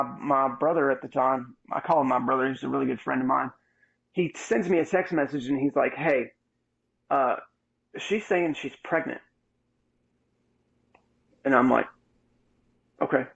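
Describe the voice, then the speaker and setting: A podcast host in his thirties tells a personal story in a candid, animated, casual way. His gravelly voice is medium in pitch and a little slow, with frequent pauses, and the audio is muffled and lo-fi.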